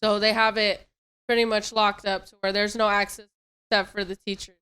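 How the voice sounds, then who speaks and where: A woman's voice: mid-range voice, little pitch movement, fairly quick, pushed and bright, clear, resonant tone. A young adult woman telling a story in casual podcast chat, rambling and repeating herself.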